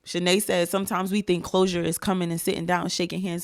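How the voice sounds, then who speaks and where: A woman's voice: on the low side, flat delivery, fast. A woman in her thirties from New Jersey, a guest talking in casual conversation in an emphatic, slangy way. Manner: emphatic, street slang, talks like a rapper.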